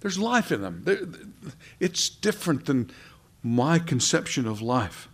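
A man preaching a sermon with passion, his voice swelling and then falling to near a hush. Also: mid-range voice, big pitch swings, unhurried, husky. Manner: impassioned, rising and dropping to soft.

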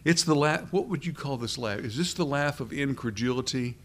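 A middle-aged man preaching a sermon, reading scripture and asking his listeners questions, slowing down on key words. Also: mid-range voice, slight background noise. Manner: deliberate, asks the congregation questions, slows down for emphasis.

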